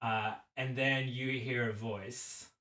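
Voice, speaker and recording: A man narrating a tabletop game as game master, slow and halting, with many restarts. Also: medium pitch, fairly even intonation, sharp tone, far from the mic. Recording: roomy echo, a bit off-mic.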